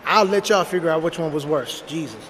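A man in his thirties telling a personal story in a blunt, animated, slangy way, speaking straight to his viewers. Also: fairly high pitch, brisk, in a large hall, slight background noise. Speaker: storytime vlogger. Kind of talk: casual storytelling monologue.

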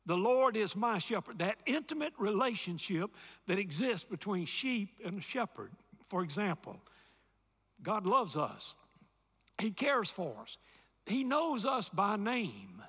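Southern male pastor, high lively voice, emphatic sermon delivery, big echoing hall. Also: a little slow, breathy edge. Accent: Southern American. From Alabama, USA. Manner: emphatic preaching, repeats key phrases, calls for audience response.

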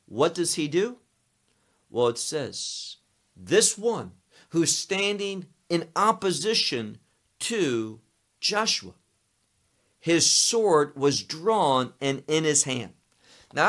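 A man preaching a sermon, teaching slowly and emphatically through a scripture passage, repeating key words and phrases. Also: a little high, fairly bright tone. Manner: slow, emphatic teaching with Hebrew terms.

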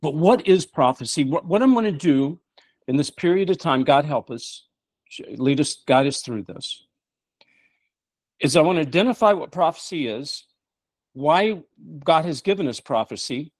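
A man's voice: on the high side, animated, moderate pace, a little mellow, dry recording. A middle-aged man hosting a show, preaching emphatically with rhetorical questions. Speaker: show host. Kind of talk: preaching talk-show monologue.

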